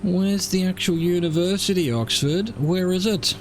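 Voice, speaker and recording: A man's voice: high voice, moderate pace, a little hiss or hum. A man streaming a flight simulator, giving casual commentary as he muses aloud with wry asides.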